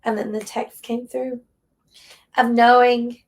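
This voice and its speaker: A woman's voice: fairly high pitch, little pitch movement, slow pace. A woman with an East Tennessee accent who runs a relief shelter, recounting a hard moment in earnest, heartfelt conversation. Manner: earnest, tearful recollection with Southern phrasing. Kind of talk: emotional storytelling in conversation.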